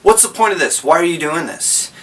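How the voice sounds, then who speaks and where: A man's voice: fairly high pitch, expressive, a little fast, voice pushed up, natural voice. A man voicing an earnest young male fighter who pleads and scolds, recorded from a distance. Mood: pleading. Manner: pleading, exasperated.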